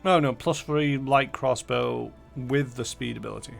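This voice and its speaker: A man's voice: mid-range voice, fairly even intonation, moderate pace, creaky, soft background music. A man streaming a game, muttering casually through menus and numbers. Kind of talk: casual gameplay commentary.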